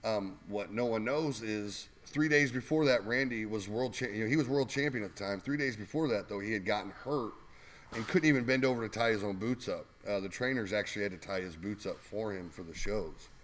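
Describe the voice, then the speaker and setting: Male guest, lower pitch, loose anecdotal delivery full of ums and laughs. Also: brisk, a little hiss or hum. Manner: rambling, laughing anecdotes with fillers. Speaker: guest co-host telling wrestling stories. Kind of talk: casual storytelling.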